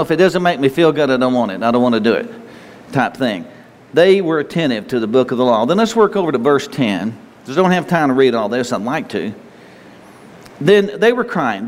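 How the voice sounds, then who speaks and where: An older man preaching a sermon in a folksy, rambling way, full of asides and restarts. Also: a little high. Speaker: pastor. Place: church sanctuary. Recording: long hall reverb.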